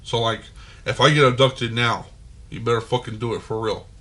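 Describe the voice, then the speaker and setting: A man's voice: medium pitch, moderate pace. A man telling a long story on a podcast, swearing freely, with lots of "like" and "right?". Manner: profane, animated storytelling with many fillers. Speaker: podcast host. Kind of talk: casual storytelling.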